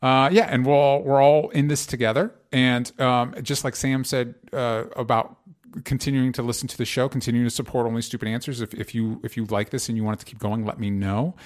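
A young man hosting a podcast, talking in an earnest, halting way with many restarts and fillers. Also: mid-range voice, little pitch movement. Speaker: podcast host. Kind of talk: casual podcast chat.

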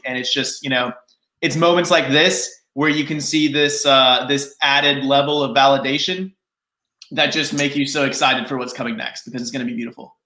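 A man speaking as a guest, earnest and measured in a casual panel chat. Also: medium pitch, sharp tone. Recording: roomy echo.

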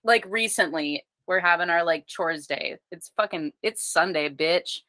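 Low-voiced woman, candid and sweary. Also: unhurried, pushed and bright, dry recording. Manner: candid, swears freely, lots of "like". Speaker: podcast guest or co-host. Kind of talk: casual chat.

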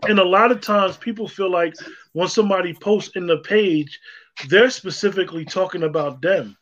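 Emphatic high-voiced man, lo-fi. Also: moderate pace, a bit bright. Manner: emphatic, preachy, repeats for stress. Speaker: co-host. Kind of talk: casual online discussion. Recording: dull lo-fi sound.

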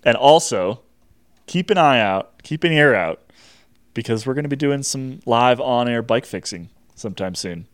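A man's voice: medium pitch, expressive, moderate pace, no echo, clean studio sound. A man from the Boston area co-hosting a bike podcast in casual, joking chat. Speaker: podcast co-host.

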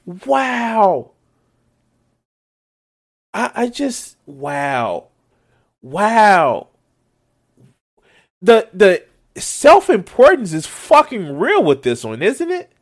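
A man reacts to a clip with exasperated, sarcastic commentary and plenty of swearing, repeatedly stopping to mock what he hears. His gravelly voice sits high, swings hugely in pitch, draws out words, and leaves long pauses.

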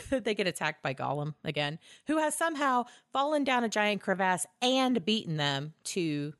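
A woman co-hosting a podcast, recapping a film in casual chat, laughing often, swearing and acting out lines in quick voices. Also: mid-range voice, very animated, a bit bright, dry recording, studio quality. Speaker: podcast co-host.

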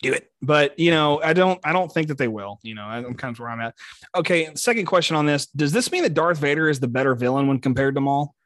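Higher-voiced man hosting a casual podcast. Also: expressive, fast talker, fairly bright tone, no room sound, studio quality. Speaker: podcast host. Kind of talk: casual fan discussion.

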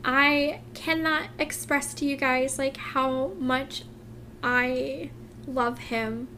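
Slow, emotional higher-voiced woman vlogger. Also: flat delivery, pushed and bright, a little hiss or hum. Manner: heartfelt, rambling, many fillers and restarts. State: emotional, close to tears. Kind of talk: casual confessional vlog.

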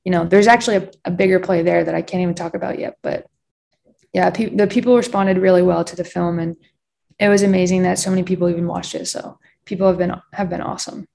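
Gravelly young woman telling a story. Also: lowish voice, steady tone, fast talker, a little mellow. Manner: heavy use of "like", quoting others in storytelling. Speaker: podcast guest. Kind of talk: casual chat.

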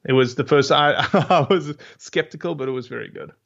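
A man's voice: on the high side, creaky, a bit bright, dull audio. A man with a South African accent, talking as a guest in a casual conversation and often stopping to search for his words. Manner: slow, searching for words, many restarts. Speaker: guest hunter.

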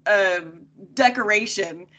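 Bright, chatty woman laughing through a recap. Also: mid-range voice, slow pace. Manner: laughs often, chatty and amused. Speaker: podcast guest. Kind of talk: casual chat recapping a TV episode.

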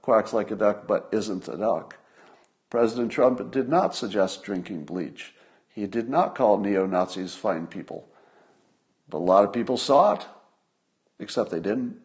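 A man's voice: fairly low pitch, darkish tone. An older man giving solo commentary to his viewers in a conversational way, repeating points for emphasis and asking rhetorical questions. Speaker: host of a commentary stream.

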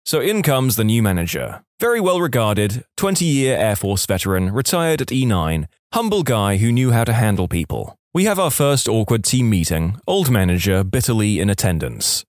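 A man narrating reader-submitted stories as a podcast host, in lively scripted storytelling with asides to the listener. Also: fairly low pitch, normal speed, no room sound, studio quality.

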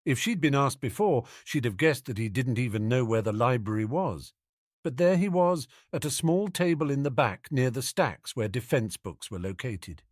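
A man narrating a fan fiction audiobook with expressive storytelling. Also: medium pitch, moderate pace, dry recording, studio quality.

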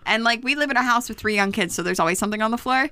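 A woman in her thirties, co-hosting a casual parenting chat, chatty and quick to laugh. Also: fairly high pitch, sharp tone, no echo. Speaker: podcast co-host.

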